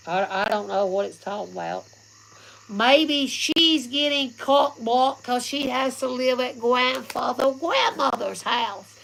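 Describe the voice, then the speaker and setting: Gravelly slow-talking woman reading tarot. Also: high-pitched, a bit bright, slight background noise, poor audio. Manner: rambling and giggly, laughs often; blunt, swears casually. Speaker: tarot reader. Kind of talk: casual livestream tarot reading.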